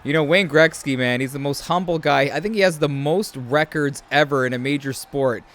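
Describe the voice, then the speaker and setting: A man's voice: on the high side, moderate pace. A man from Canada, commentating a video game match and telling chatty stories. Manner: chatty, storytelling, animated shouts. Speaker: host.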